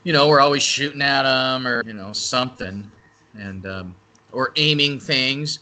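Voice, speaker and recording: A man's voice: mid-range voice, a little slow, pushed and bright. A man speaking as a guest on a radio interview, talking casually and rambling, often restarting and correcting himself. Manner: rambling, self-correcting talker. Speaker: event organizer and interview guest.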